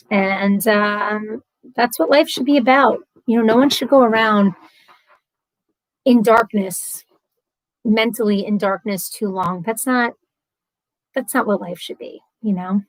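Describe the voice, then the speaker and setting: A woman's voice: mid-range voice, moderate pace, no echo, rough recording. A woman hosting a live stream from home, chatty and earnest, talking casually and openly at length. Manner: chatty and earnest, talks a lot.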